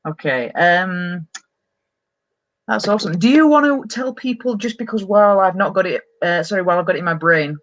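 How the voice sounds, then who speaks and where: A woman's voice: fairly low pitch, animated, a little fast, a bit bright, muffled recording. A woman hosting a casual livestream interview over a video call, chatty and encouraging. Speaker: host.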